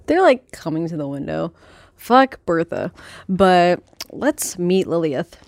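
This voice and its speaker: A young woman vlogging casually by her chicken coop, rambling and swearing as she hushes her hens. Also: lowish voice, very animated, takes it slowly, vocal fry, dry recording, studio quality. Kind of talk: casual chat while reading aloud. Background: faint chicken clucking.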